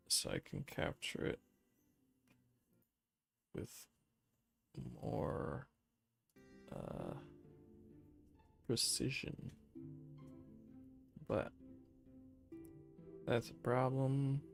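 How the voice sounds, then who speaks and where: A streamer talking slowly and drowsily to themselves at the end of a late-night stream. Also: mid-range voice, creaky. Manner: slow, drowsy muttering to himself.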